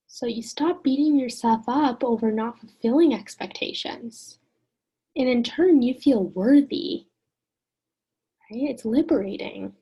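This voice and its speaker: A woman teaching an online lesson in a gentle, encouraging way, often putting questions to the listener. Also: fairly high pitch, husky.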